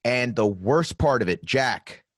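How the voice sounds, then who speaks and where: A man hosting a podcast in casual chat, telling stories with lots of swearing and animated delivery. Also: medium pitch, measured pace, dry recording, studio quality. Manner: profane, animated storytelling. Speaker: podcast host.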